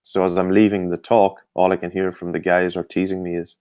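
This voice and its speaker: A middle-aged Irish man, a performance coach, answering interview questions in a measured, explanatory way with frequent fillers. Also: deep voice, flat delivery, warm tone, no echo.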